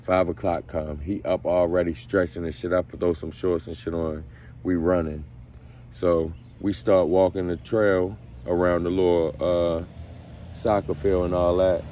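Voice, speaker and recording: Low-voiced man telling stories. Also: measured pace, slight background noise. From Baltimore. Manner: profane, slangy and animated. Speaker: vlogger. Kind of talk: casual storytelling.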